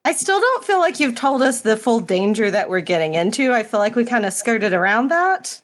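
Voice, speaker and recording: A woman's voice: on the high side, big pitch swings, moderate pace. Impatient woman tabletop player. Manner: impatient, insistent. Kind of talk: tabletop role-play chat.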